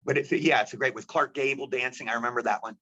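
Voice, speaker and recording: A man from the United States, an actor, telling animated anecdotes as an interview guest. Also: mid-range voice, quick pace. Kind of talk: storytelling interview. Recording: dull lo-fi audio.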